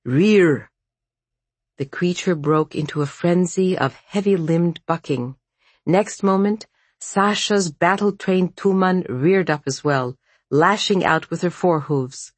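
An audiobook narrator with a slightly husky, breathy voice reads a dark fantasy story at an unhurried pace. The delivery stays measured and even. The recording is close and completely dry. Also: mid-range voice, no room sound. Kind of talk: scripted narration.

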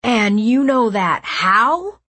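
A raspy, furious young man, as a woman narrator puts him on, who hurls accusations loud and strained. His pitch climbs high above her own. The voice is breathy, and the room around it is dead dry. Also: takes it slowly, no echo, heavily acted. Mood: angry.

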